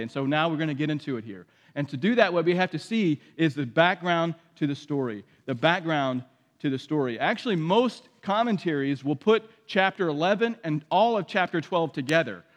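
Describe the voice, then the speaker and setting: A male pastor with a high, bright-toned voice delivers a sermon, reading scripture with dramatic emphasis. His voice rings out with a long reverb, as in a church sanctuary.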